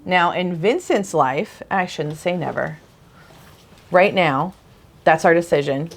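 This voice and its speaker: Woman co-host, animated storyteller, blunt and outspoken, casual conversation with her husband. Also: fairly low pitch, slow pace. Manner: animated storyteller who acts out quoted relatives. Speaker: chiropractor and podcast co-host.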